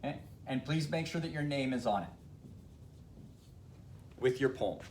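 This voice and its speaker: A male teacher explaining a classroom lesson to his students, speaking slowly and repeating himself. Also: medium pitch, animated, background noise. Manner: explaining slowly with fillers and restarts.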